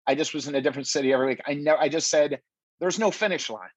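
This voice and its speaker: Comic guest, male, husky and dry, animated storyteller who keeps restarting. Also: on the high side, very fast, dry recording, rough recording. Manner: animated, many restarts, acts out quotes. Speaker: stand-up comedian guest. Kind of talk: casual interview storytelling.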